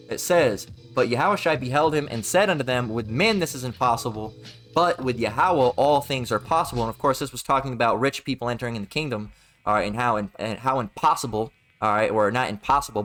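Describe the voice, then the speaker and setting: A man's voice: medium pitch, fairly bright tone. A man preaching off the cuff, rambling and full of profanity as he drifts between scripture and mockery. He often breaks into exaggerated voices to ridicule people, and a faint music track plays underneath. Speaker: street preacher. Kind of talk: informal preaching monologue.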